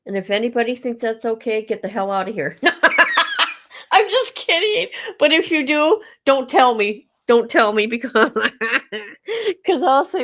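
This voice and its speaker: A woman's voice: fairly high pitch, lively intonation, takes it slowly, long pauses, fairly bright tone. An older woman hosting a casual livestream, talking bluntly with exasperation, stammering and breaking into laughter. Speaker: livestream host.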